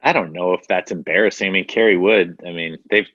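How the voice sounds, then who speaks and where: A man with a very low voice keeps things easygoing and agreeable as he hosts casual chat. He comes through a webcam mic, with dry, slightly dull sound and no room echo. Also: a little fast, a bit bright. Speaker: podcast host. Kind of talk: casual chat, reading listener mail. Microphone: webcam setup.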